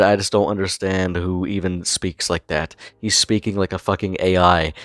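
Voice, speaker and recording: Young male commentator, very low voice, dry close sound, mocking and disbelieving, swears a lot. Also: dry recording. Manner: incredulous, sarcastic, swears freely. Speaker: online commentator. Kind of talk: commentary narration.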